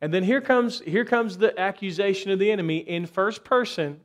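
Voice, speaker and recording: A man's voice: high voice, normal speed. A man preaching a sermon in a church, asking the congregation rhetorical questions and building up intensity in bursts. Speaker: pastor.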